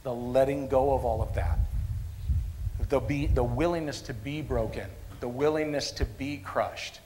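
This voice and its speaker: A man preaching a sermon at a church service, a lively storyteller who repeats phrases for emphasis. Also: mid-range voice, unhurried, a little hiss or hum. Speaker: pastor.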